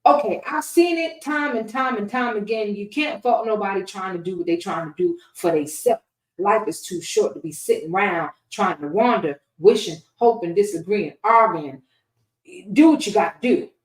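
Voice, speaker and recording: A woman's voice: medium pitch, normal speed. A woman answering interview questions in a casual, preachy and defiant way. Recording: echoey room, far from mic.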